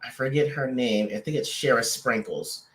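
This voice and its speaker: A man co-hosts a casual couples podcast, his voice at an ordinary middle pitch. He rambles through restarts and fillers and teases his partner playfully. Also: moderate pace, fairly bright tone. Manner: playful teasing. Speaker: podcast co-host.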